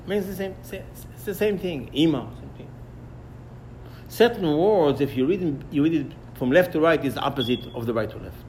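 A man teaching a Torah lesson in an animated way, acting out dialogues and repeating himself. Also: fairly high pitch, brisk, slight background noise.

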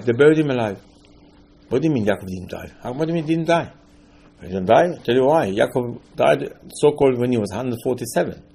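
Gravelly emphatic man giving a sermon. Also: medium pitch. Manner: emphatic, rising to loud bursts, non-native grammar. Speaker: rabbi.

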